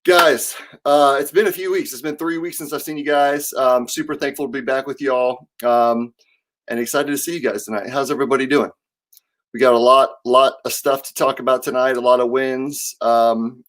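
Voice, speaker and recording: A man's voice: medium pitch, fairly even intonation, moderate pace, fairly bright tone. A man hosting a casual live stream, upbeat and chatty, greeting viewers by name with lots of fillers. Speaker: host of a live company stream. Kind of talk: casual livestream chat.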